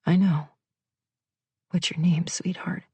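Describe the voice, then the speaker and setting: This is a steady, gentle male firefighter, voiced by a woman narrator. He speaks softly and reassuringly in a low, mellow tone. The recording is close and dry. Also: slow pace, breathy edge, dry recording, full character voice. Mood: soothing. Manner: soothing, reassuring, soft-spoken.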